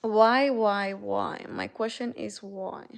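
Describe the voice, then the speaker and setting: This Canadian livestream host talks slowly in a steady, mid-range voice with a gravelly texture. She keeps things casual, greeting viewers by name and reading their comments aloud.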